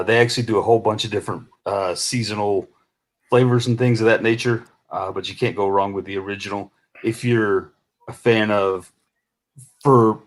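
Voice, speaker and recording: A man from Texas, rambling easily through a beer recommendation. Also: fairly low pitch. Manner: relaxed, rambling, uses many fillers. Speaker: guest panelist. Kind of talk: casual chat.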